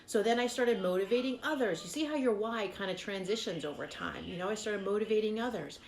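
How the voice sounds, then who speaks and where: A woman's voice: mid-range voice, fairly quick, a little hiss or hum. Chatty, encouraging woman in an echoey room. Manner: chatty, encouraging, many fillers. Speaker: fitness vlogger. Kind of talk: casual advice to camera.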